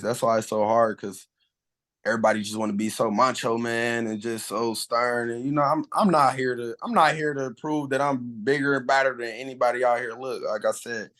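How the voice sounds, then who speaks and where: A man's voice: medium pitch, a bit bright. A man who works as an umpire, chatting casually in an interview in a laid-back, colloquial way. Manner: laid-back, colloquial, acts out quoted voices. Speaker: umpire guest.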